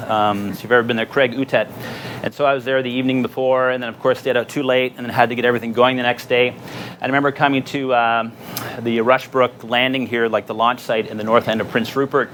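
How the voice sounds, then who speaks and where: A man giving a relaxed, conversational presentation at a marina event, telling expedition stories with lots of fillers. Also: mid-range voice, a little hiss or hum. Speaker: guest speaker on an expedition. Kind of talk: storytelling presentation.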